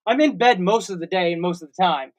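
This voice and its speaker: High-voiced and quick, this co-host in his 40s tells a long, meandering story on a laid-back comedy podcast, tossing in invented sound words.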